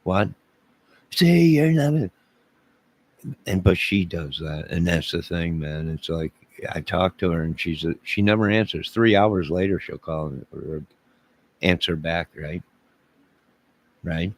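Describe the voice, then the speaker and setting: A man's voice: low voice, steady tone, a little slow. A man livestreaming, joking with his chat in a mock-indignant way and talking back to viewers.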